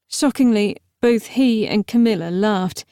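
A woman narrates a novel in a measured, expressive manner. Her voice sits in a middle register. The recording is close and completely dry. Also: mid-range voice, clear, resonant tone, no room sound. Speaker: audiobook narrator. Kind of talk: scripted narration.

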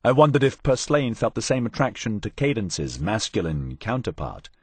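A man narrating an audiobook in the first person, wry and expressive. His voice is husky, with lively pitch swings, and the recording is dry and close. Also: moderate pace, no echo. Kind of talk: scripted narration.

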